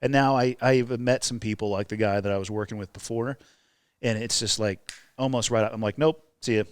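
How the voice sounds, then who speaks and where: A man talking as a podcast guest, blunt and opinionated, swearing casually in relaxed conversation. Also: medium pitch, fairly quick, clean tone.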